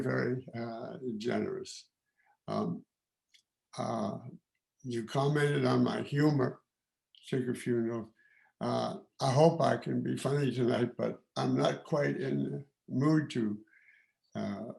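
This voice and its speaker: A man in his eighties, originally from Canada, giving informal remarks at a celebration in a halting, reflective way, with many pauses and restarts. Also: medium pitch, creaky, darkish tone. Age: 80s. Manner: reflective and candid. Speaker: guest of honour giving remarks.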